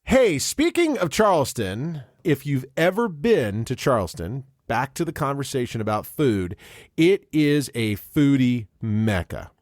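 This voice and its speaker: A man's voice: mid-range voice, sing-song, a little slow, dry recording, studio quality. A man co-hosting a podcast in casual chat, jokey and rambling, often laughing. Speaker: podcast co-host.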